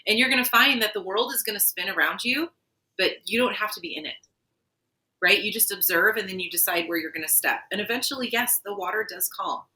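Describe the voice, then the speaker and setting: A woman's voice: medium pitch, a little fast, bright, forceful tone, low-quality recording. A woman co-hosting a podcast, talking earnestly in a casual spiritual chat and telling a vivid story. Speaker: podcast co-host.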